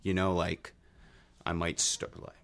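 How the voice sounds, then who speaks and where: Young man with a gravelly low voice. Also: measured pace. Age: young adult. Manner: relaxed, filler-heavy. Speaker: podcast guest. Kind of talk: casual interview answers.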